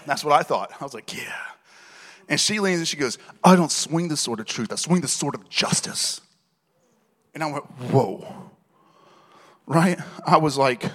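A man preaching a sermon, telling stories in a lively way, acting out the dialogue and laughing often. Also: fairly high pitch. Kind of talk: sermon storytelling. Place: church hall. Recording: reverberant hall.

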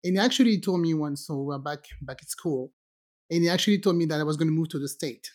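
A lively woman from Guadeloupe in the French Caribbean, co-hosting a podcast, tells a strange story in a casual chat. Her voice is a bit low-pitched and fast, and she acts out quoted voices animatedly with many restarts.

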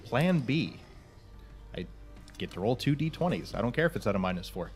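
A man's voice: mid-range voice, very animated, a little fast, faint music behind. A man playing a tabletop game, casually declaring moves and adding up rolls. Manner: casual, counts rolls aloud. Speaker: player.

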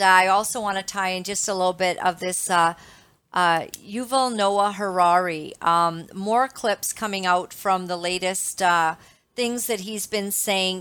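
A woman's voice: medium pitch, a bit bright, clean tone. A woman hosting a talk show in a chatty monologue, laughing often and restarting her sentences. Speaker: show host.

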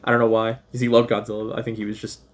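A man's voice: lowish voice, monotone, racing. A man in his thirties, a podcast co-host, rambling through a casual chat and laughing often. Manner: rambling, laughs often, does goofy voices when retelling scenes.

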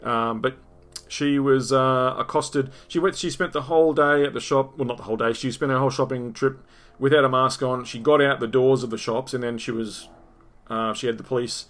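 A man's voice: mid-range voice, a bit bright. A middle-aged Australian man hosting a podcast, telling a story in a rambling, profane way, repeating words and restarting sentences. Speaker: podcast host. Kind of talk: casual storytelling monologue.

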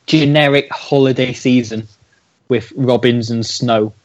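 A man's voice: mid-range voice, fairly even intonation, measured pace, muffled recording. A man co-hosting a podcast, joking and sarcastic in casual banter. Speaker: podcast co-host.

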